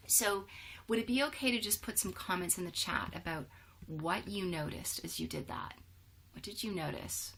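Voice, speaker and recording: A woman presenting an online wellness workshop over a video call, affirming participants and reading their chat replies aloud with quick words of praise. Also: lowish voice, fairly bright tone, breathy edge.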